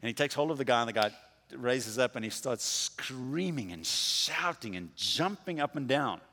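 A man preaching a sermon, with a dramatic delivery that swings from quiet to loud. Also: medium pitch, expressive, normal speed, big-room sound. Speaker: pastor.

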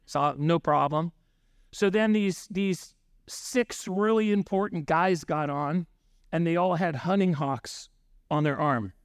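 High-voiced pastor telling stories. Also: male voice, slow, smooth, no room sound, studio quality. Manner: conversational, frequent "right?" asides, acts out dialogue. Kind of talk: sermon with storytelling.

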